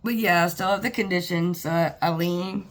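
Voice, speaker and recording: A woman talking to the camera in a personal, reflective monologue, halting and earnest, with pauses and sighs. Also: lowish voice, steady tone. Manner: earnest and plainspoken. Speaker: vlogger.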